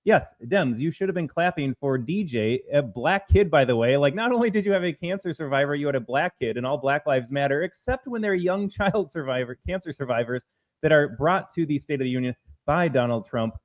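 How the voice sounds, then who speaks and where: A man's voice: a little high, expressive, fairly quick. Emphatic man, dull lo-fi stream audio. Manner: emphatic, argumentative. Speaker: co-host. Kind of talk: political commentary show.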